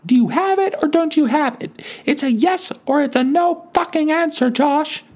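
A man's voice: very high-pitched, normal speed, pitched above the performer's own voice. A man doing a shrieking foul-mouthed old woman. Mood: screaming rage. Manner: shrieking, swearing furiously. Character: old cat-loving woman turned foul-mouthed rager.

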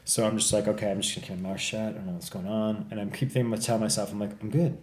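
A man's voice: fairly low pitch, very fast. A man casually telling a story on a podcast, swearing a lot and acting out the people in it. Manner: profane, animated, acts out other people in the story. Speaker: podcast co-host. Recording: echoey room.

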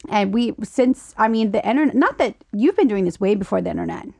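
A woman hosts a casual interview, full of eager, gushing reactions. Her voice has a strong gravelly fry. The recording is dry and close. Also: mid-range voice, expressive, a little fast, mellow, no room sound. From Louisiana. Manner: enthusiastic, gushing exclamations. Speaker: host.

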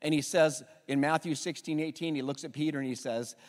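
In a large hall that serves as a church sanctuary, a man with a fairly high voice and fairly even intonation speaks briskly as the pastor opening a Sunday service. He leads the congregation in call-and-response while building toward introducing a guest speaker as a sermon introduction.

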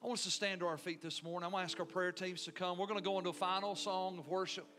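A man preaching a sermon as pastor in a church, rising to emphatic peaks and dropping to hushed lines. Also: sits high, flat delivery, very fast, faint music behind. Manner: preaching with swelling intensity and hushed drops. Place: church sanctuary.

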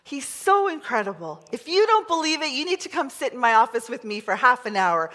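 A middle-aged woman pastor preaching a sermon, chatty and excitable, leading the congregation in call-and-response. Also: sits high, brisk, few pauses. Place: large church hall. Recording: long hall reverb.

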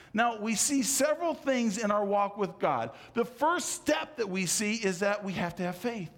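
A middle-aged male pastor delivering a sermon, swinging from loud emphatic calls to soft, low asides. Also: expressive, moderate pace, hardly any pauses.

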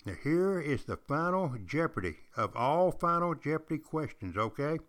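A man's voice: on the high side, very animated, moderate pace, fairly bright tone. An older man, a retired teacher, hosting a podcast and telling history in an emphatic, repetitive way, speaking straight to his listeners. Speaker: podcast host. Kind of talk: storytelling history lecture.

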